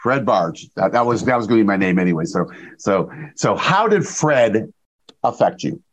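A man's voice: on the low side, big pitch swings, normal speed. Man in his sixties telling stories. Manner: storytelling, frequent tag questions. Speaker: podcast host and chiropractor. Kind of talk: casual interview chat.

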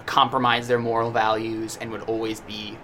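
A man in a loose podcast chat, with a bright, forceful tone. He thinks out loud and circles back through his points. A faint hum of fan noise sits behind him. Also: lowish voice, monotone, normal speed. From United States. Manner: talkative, thinks aloud with many restarts. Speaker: podcast co-host. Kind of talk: casual podcast discussion. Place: small indoor room with a noisy fan.

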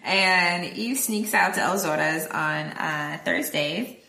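Bright-voiced woman recapping a film. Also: lowish voice, slow, vocal fry. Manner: rambling retelling, full of fillers and acted-out quotes. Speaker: podcast co-host. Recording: echoey room.

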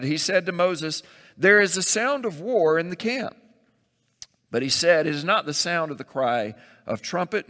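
Bright-voiced man preaching in a hall. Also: on the high side. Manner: reads scripture aloud, then comments with asides and jokes. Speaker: pastor. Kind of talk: sermon.

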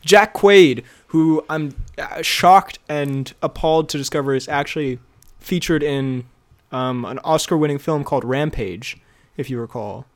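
A young man co-hosting a casual podcast, animated and laughing often, with bursts of mock outrage. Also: a little high, unhurried. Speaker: podcast co-host. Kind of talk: casual chat.

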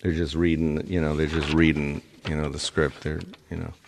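Low gravelly man rambling. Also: little pitch movement, moderate pace, slight background noise. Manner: rambling, full of fillers and restarts, chuckling. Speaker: show host. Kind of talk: rambling casual monologue.

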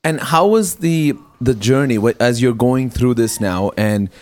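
Rambling pastor hosting a faith talk. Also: male voice, mid-range voice, a little slow, darkish tone. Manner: rambling, restarts questions, many fillers. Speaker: pastor and show host. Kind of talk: conversational interview on faith.

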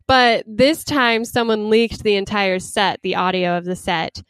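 A woman in casual conversation, chatty and quick to laugh, with lots of fillers. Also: mid-range voice, steady tone, a bit bright, clear, resonant tone, no room sound. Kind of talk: casual chat about news.

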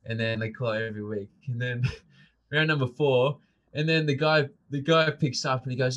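A man's voice: mid-range voice, fairly even intonation, normal speed, fairly bright tone. A man co-hosting a podcast, telling stories in casual chat, laughing and swearing often. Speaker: podcast co-host.

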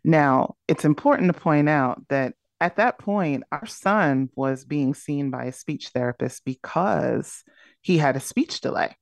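A woman's voice: sits low, vocal fry, no echo, clean studio sound. A woman speaking as a podcast guest, candidly and reflectively telling a personal story. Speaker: podcast guest, burnout coach.

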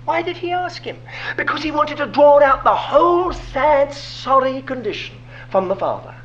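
A man's voice: very high-pitched, animated, moderate pace, fairly bright tone, lo-fi sound. A man preaching a sermon, asking rhetorical questions and dropping to a whisper for emphasis.

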